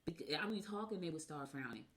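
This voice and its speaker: A woman hosting a radio show, reading horoscopes in a casual, chatty way and rambling into personal asides. By her own account she talks fast. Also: low-pitched, animated, a bit bright, slight background noise.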